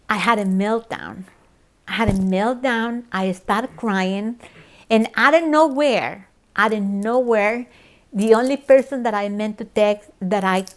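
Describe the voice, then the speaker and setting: Earnest middle-aged woman telling her story. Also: mid-range voice. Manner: emotional, repetitive, earnest. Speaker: church member sharing her story. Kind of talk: personal testimony.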